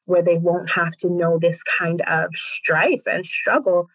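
A woman's voice: fairly low pitch, fairly even intonation, slow pace, a bit bright, no echo. A woman talking as a podcast guest in an earnest, encouraging way, sharing her faith as a single mother. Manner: earnest, encouraging, with bursts of laughter. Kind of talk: faith-based conversation. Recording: dull, dry podcast audio.

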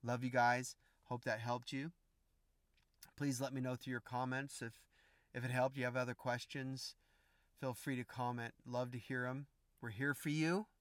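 A man's voice: medium pitch, flat delivery, moderate pace, dry recording, studio quality. A man giving an informal Christian spiritual message to viewers, emphatic and repetitive, speaking straight to his listeners. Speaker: Christian teacher.

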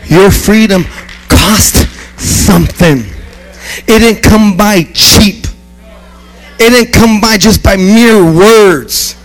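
A man preaching a revival sermon, repeating phrases and building from quiet talk to shouted, chanted calls. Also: sits high, slow, long pauses, soft background music, rough recording. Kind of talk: revival sermon, call and response. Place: church service.

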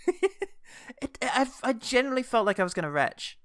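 A man's voice: very high voice, brisk, smooth, no echo, clean studio sound. A man co-hosting a podcast, chatty and laughing often. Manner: chatty, laughs often, does animated impressions. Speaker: podcast co-host. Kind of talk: casual chat.

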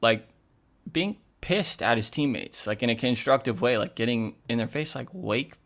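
A man's voice: medium pitch, normal speed, fairly bright tone. A man, a sports reporter, chatting casually on a podcast, talking loosely and filling his speech with "like" and "you know".

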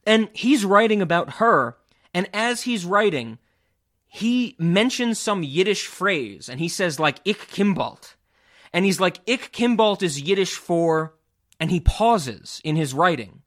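A man's voice: high voice, animated, unhurried, a bit bright. A man hosting a casual film discussion podcast over a remote call, enthusiastic and rambling, swearing casually. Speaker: podcast host. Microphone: remote podcast call, cameras off.

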